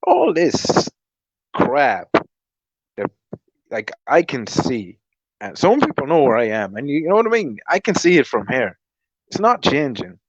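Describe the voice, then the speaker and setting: A man rants into his camera, angry and rambling, swearing freely and restarting his sentences as he goes. His voice sits at an ordinary middle pitch. The recording is dry and a little dull, as if from a cheap mic. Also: huge pitch swings, a little slow, long pauses, dry recording. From Ireland. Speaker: vlogger. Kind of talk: ranting monologue.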